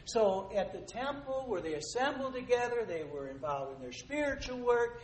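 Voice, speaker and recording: Male preacher, high voice, emphatic sermon, echoey room, faint noise. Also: sing-song, moderate pace, hardly any pauses. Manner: emphatic, rising to loud rhetorical questions; addresses listeners as "dear ones".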